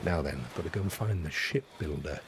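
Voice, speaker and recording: This middle-aged man hosts a game stream, and his voice is extremely low and brisk against a noisy background. He chats and rambles while he plays, often correcting himself mid-thought in casual gameplay commentary.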